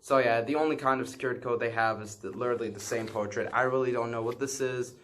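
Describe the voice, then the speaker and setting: A man's voice: mid-range voice, fairly even intonation, fast, fairly bright tone, a little hiss or hum. A man casually showing his banknote collection on a vlog, rambling and hesitant, with many filler sounds, self-corrections and apologies for what he does not know. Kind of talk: casual show-and-tell.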